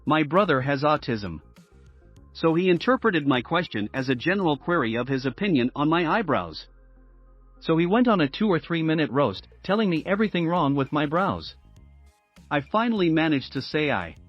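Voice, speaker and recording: A man with a slightly high voice reads story posts in a steady, even way. The sound is dry, dull and lo-fi. Faint music plays underneath. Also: normal speed, no echo. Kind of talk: scripted narration of reader posts.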